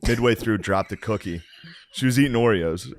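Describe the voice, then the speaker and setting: A man in his thirties with an American accent, co-hosting a podcast and telling stories in a casual, profane way, often laughing and acting out family members in loud high voices. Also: a little fast. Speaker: podcast co-host. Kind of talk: casual storytelling chat.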